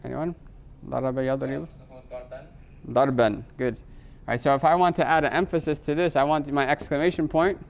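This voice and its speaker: A male teacher lecturing a class on grammar, quizzing the students often and slowing down to spell out foreign terms. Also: fairly high pitch, creaky. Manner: quizzes students with frequent rhetorical "right?"; slows to spell out Arabic terms.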